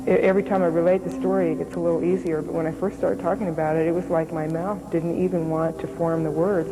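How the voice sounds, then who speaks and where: A woman, a former radar operator, giving halting documentary testimony with many pauses and fillers, over music. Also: low-pitched, rough recording. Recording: music underneath.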